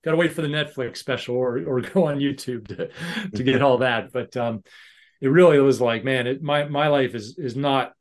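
Middle-aged American guest, frank and self-mocking, mid-range voice. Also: male voice, medium pitch, normal speed. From United States. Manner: candid, self-deprecating, stumbling restarts. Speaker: leadership coach, guest. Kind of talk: casual interview storytelling.

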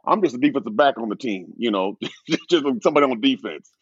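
A middle-aged man, once a pro football player, recounts a memory with animated, husky delivery. His pitch rises and falls widely as he acts out both sides of a conversation. The sound is dry and a little dull, like a lo-fi recording. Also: quick pace, no echo. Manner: animated storyteller, acting out quoted exchanges in a higher voice. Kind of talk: storytelling in a podcast interview.

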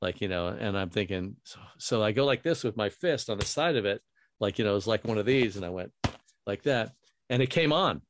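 A man's voice: on the low side, animated, brisk, slight background noise. A middle-aged man, a radio host, telling rambling anecdotes full of quoted dialogue in a casual way. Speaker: radio host and voiceover talent. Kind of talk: casual storytelling.

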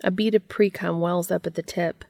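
A woman reading fan fiction aloud in a steady, intimate storytelling manner. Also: on the low side, moderate pace, vocal fry, no echo, studio quality.

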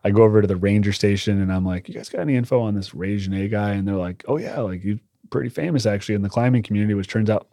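A young man casually telling a rambling, animated story as a podcast guest, swearing now and then. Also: fairly low pitch, very fast, few pauses, no room sound, studio quality. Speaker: podcast guest, cannabis shop owner.

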